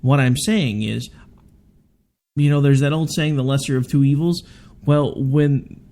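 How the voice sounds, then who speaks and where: A man's voice: mid-range voice, fairly even intonation, a little slow, dark tone. A man hosting a political talk radio show, talking through his views in a conversational, hedging way. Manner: conversational, hedging, frequent restarts.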